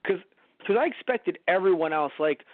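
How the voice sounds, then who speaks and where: Rambling, animated man on a tinny line. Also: high-pitched, normal speed, no room sound. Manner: rambling, animated, acts out quotes. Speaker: podcast co-host. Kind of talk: casual review chat. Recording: dry, tinny phone-like sound.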